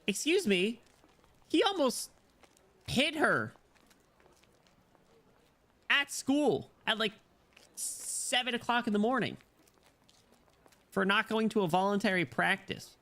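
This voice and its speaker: A man streaming a visual novel on a headset mic, reacting loudly and excitably. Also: high-pitched, slow pace, long pauses. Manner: excitable, loud reactive outbursts, swearing. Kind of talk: casual game stream commentary.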